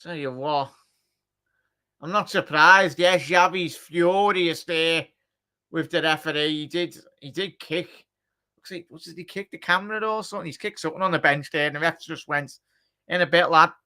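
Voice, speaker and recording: A man calls the match live for a fan watchalong. His voice is bright and a touch high, with a clean, crisp tone. He chats and cracks jokes between plays, then shouts when a chance comes. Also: normal speed. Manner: excitable, shouts at big chances; chatty, jokey asides. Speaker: watchalong commentator.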